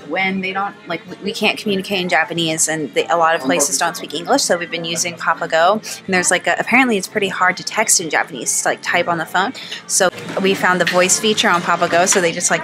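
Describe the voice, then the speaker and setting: A young woman narrating a casual travel vlog, chatty and giggly, with lots of fillers. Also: fairly low pitch. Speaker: vlogger. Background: background music.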